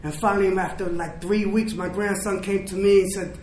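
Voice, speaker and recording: High-voiced older man giving testimony. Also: fairly even intonation, brisk, a little mellow. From South Bronx, New York. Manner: emotional, storytelling with quoted dialogue. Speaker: recovery speaker. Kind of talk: personal testimony speech. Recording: echoey room, faint noise.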